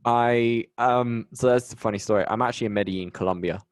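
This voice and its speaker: A man's voice: medium pitch, brisk, no echo. A young man with a Bristol accent from England, chatting casually as a podcast guest, rambling with many restarts. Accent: English, Bristol. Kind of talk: casual conversation.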